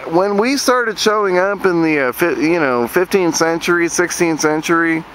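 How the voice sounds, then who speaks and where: A man from Virginia delivering an angry, profane rant to camera, sneering at opponents and mocking them in shrill put-on voices. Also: normal speed, a bit bright, slight background noise. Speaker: vlogger ranting to camera.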